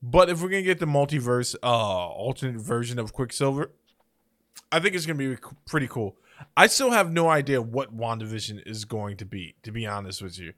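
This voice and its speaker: A man's voice: mid-range voice, expressive, a little fast, fairly bright tone. A man co-hosting a casual pop-culture podcast, talking in an opinionated, speculative way with hiccups. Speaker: podcast co-host.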